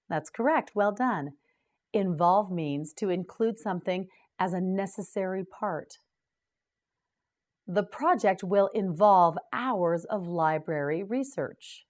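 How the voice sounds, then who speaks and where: A woman hosting a scripted English vocabulary lesson, slowly and clearly drilling each word for learners to repeat. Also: lowish voice. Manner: slow, clear drilling of words. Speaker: English teacher and host.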